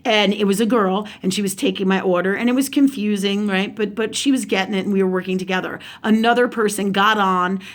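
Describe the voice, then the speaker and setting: A middle-aged woman hosting a spiritual video, telling a casual story in an animated way, swearing often and asking "right?" again and again. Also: mid-range voice, a little fast, few pauses. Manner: animated, profane, lots of "right?".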